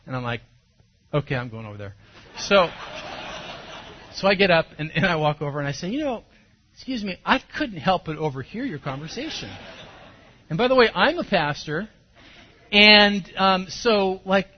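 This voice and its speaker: A pastor with a husky, slightly high voice preaches to his congregation. He tells his story with energy and breaks into sudden loud bursts. The recording sounds dull and lo-fi. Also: big pitch swings, moderate pace, long pauses. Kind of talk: sermon. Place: church service.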